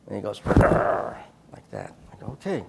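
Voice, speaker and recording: A man's voice: lowish voice, huge pitch swings, fast, creaky, very noisy. A man giving a storytelling talk at a church conference, acting out quoted dialogue in his anecdotes. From United States.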